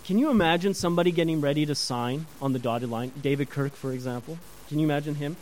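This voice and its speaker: A man preaching a sermon to a congregation, animated, often asking the listeners questions and chatting with them. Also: a little high, quick pace, a little hiss or hum, poor audio. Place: church before a congregation.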